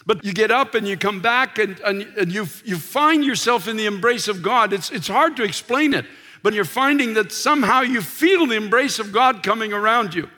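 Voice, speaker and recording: A middle-aged male pastor preaching a passionate sermon from the pulpit, repeating words as he builds and dropping to soft, intimate tones. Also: high voice, lively intonation, moderate pace. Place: church sanctuary, from a pulpit. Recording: long reverb of a large church hall.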